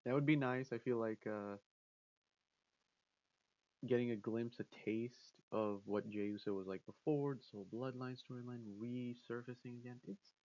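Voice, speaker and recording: A man's voice: medium pitch, normal speed, darkish tone, muffled recording. A man giving casual spoken commentary as a vlogger, rambling with restarts and acting out quotes.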